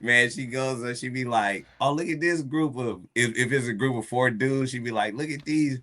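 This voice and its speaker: A man's voice: mid-range voice, normal speed, pushed and bright. A man chatting casually as a podcast host, rambling with many restarts, laughing and acting out quotes. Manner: rambling, stop-start, laughs often, acts out quotes. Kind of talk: casual chat.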